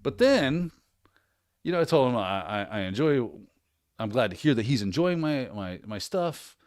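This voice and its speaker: A man hosts a casual livestream at his desk mic and talks with lively, swinging pitch. He is energetic and encouraging, restarts often and tags his points with "right?". The sound is close and dry. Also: normal speed, dry recording. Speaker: host.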